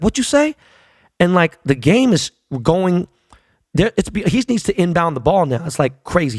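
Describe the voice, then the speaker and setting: Male podcast host, gravelly and profane, casual storyteller, dry mic. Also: medium pitch, dry recording.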